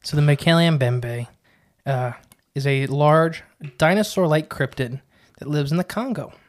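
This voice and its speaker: A man with a fairly high voice co-hosts a laid-back podcast. He rambles along casually and fills his speech with "uh" and "like". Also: a little slow. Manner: chatty, rambling, frequent "uh" and "like". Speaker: podcast co-host.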